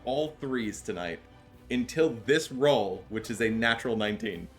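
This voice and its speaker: A man narrating as game master for a tabletop role-playing game, chatty and low-key, often laughing. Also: moderate pace. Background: background music.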